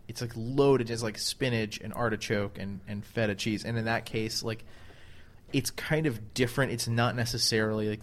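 Male co-host, lower register, loose rambling delivery full of fillers and restarts. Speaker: podcast co-host. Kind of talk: casual chat.

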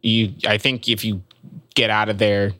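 A man's voice: fairly low pitch, little pitch movement, moderate pace, sharp tone, no echo. A man co-hosting a comedy podcast, rambling through a story in casual chat with many ums. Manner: rambling, hesitant, full of ums. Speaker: podcast co-host.

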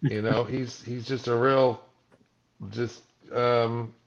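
The audio is dull with a bit of background noise as this man from Malibu, California, takes his time at a medium pitch. As an interview guest, he spins casual stories with animation and voices the people he quotes.

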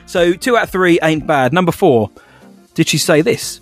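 A man's voice: fairly high pitch, expressive, moderate pace, faint music behind. A man co-hosting a podcast and running a quiz game, playful and teasing, laughing often. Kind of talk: casual podcast chat.

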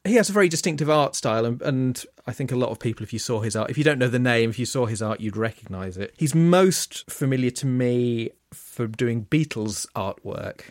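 A man's voice: medium pitch, expressive, a little fast, hardly any pauses, no room sound, clean studio sound. A man in his forties, a podcast co-host, chatting casually and correcting himself as he goes. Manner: rambling, self-correcting storytelling. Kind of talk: casual chat.

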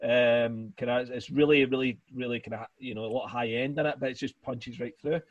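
Man, podcast host, husky, dry sound, rambling, tipsy. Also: medium pitch, steady tone, dry recording, highs cut off. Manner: rambling, halting, lots of fillers and swearing. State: a bit tipsy after two beers. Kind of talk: casual music podcast chat.

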